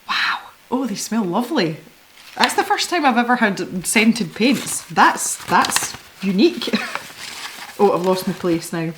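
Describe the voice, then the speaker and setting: A woman hosting a casual unboxing video, chatty and excitable, giggling often as she opens parcels of art supplies. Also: mid-range voice, slight background noise. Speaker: art supply channel host.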